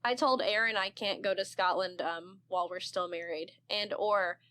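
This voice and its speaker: A woman's voice: medium pitch, fairly even intonation, moderate pace, bright, forceful tone. A woman in her thirties, a podcast guest, chatting casually and telling stories with swearing and laughter. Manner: swearing, laughing, playful storytelling.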